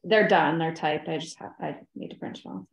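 A woman's voice: low-pitched, fairly quick, vocal fry. A woman town clerk at a meeting, practically explaining procedure step by step. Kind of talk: casual meeting talk. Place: town office meeting room. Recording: roomy meeting-room sound.

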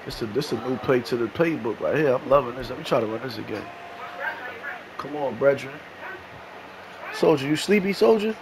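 A man trash-talking loudly and profanely at his opponent while playing a video game, laughing often. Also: mid-range voice, fairly quick, noisy background. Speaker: gamer.

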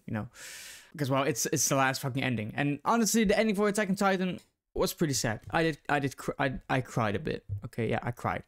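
A young man swearing freely as he reacts casually to an anime opening and ending, loud and excited at times, hushed and quiet when moved. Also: fairly high pitch. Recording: faint music playing behind. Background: anime music playing.

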